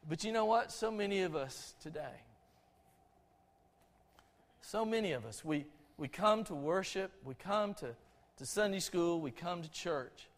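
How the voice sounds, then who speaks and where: High-voiced folksy Southern pastor preaching. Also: male voice, expressive, measured pace, pauses often. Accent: Southern US, Georgia. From Albany, Georgia, USA. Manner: folksy, conversational, with frequent restarts. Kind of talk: storytelling sermon. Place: church sanctuary. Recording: long reverb of a church sanctuary.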